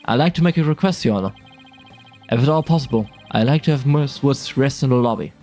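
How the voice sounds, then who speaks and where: A man's voice: mid-range voice, a little fast, darkish tone, faint music behind, close to an everyday voice. A man streaming a game, reading an earnest male defense attorney in his own plain voice. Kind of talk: casual game dialogue reading.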